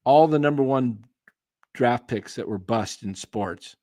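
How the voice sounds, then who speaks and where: A man talking sports on a casual stream, his voice going hoarse as he clears his throat. He rambles through strong opinions at an unhurried pace, calling out viewers by name. The recording is close and dry, with no room around him. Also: medium pitch, mellow, no echo. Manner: opinionated, answers chat by name, rambling restarts. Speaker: sports show host. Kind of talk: casual live-stream commentary.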